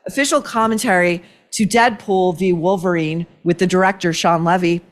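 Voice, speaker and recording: A woman's voice: lowish voice, normal speed. A woman hosting an opinion commentary show, talking in a sarcastic, indignant, worked-up way. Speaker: podcast host.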